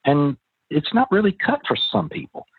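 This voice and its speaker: A man's voice: sits high, animated, moderate pace, vocal fry, slightly rough, no echo. A middle-aged man talking as an interview guest, a chatty, folksy storyteller who often restarts his sentences. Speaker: real estate investor guest. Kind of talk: casual interview talk. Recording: tinny phone line.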